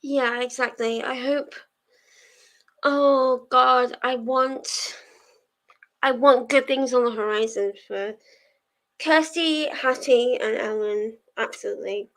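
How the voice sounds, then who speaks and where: This young woman, who hosts reading sprints on a livestream, takes things slowly in a steady, fairly bright voice that sits on the high side. She casually rambles while answering her live viewers' messages.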